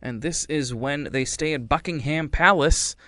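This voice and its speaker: A man's voice: a little high, a little slow, sharp tone, no echo, studio quality. A man casually retelling a movie's plot, rambling and wry, acting out lines in silly voices. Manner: rambling, wry, acts out quotes. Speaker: movie reviewer. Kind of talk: casual chat.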